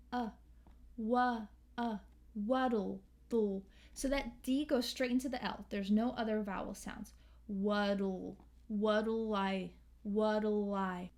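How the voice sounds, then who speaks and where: A woman teaching English pronunciation, drawing out sounds and singing short phrases as examples. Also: high voice. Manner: slow, drawn-out demonstration of sounds, sings phrases. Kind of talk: pronunciation lesson with sung examples.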